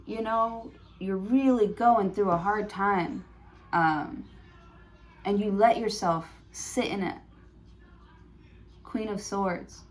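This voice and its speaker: A woman's voice: medium pitch, slow pace, pauses often. A woman giving a prerecorded tarot reading, thinking aloud with many fillers and restarts. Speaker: tarot reader.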